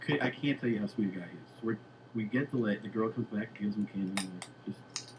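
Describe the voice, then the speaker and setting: A comedian tells an animated story in a casual podcast chat, breaking into laughs. His voice is on the lower side. A steady hiss sits under the recording. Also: fairly quick. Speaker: comedian guest.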